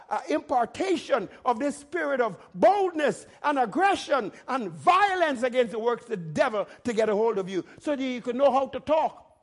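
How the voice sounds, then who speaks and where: A male pastor preaching a sermon in an emphatic, commanding way, repeating phrases and rising to loud declarations. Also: very high-pitched.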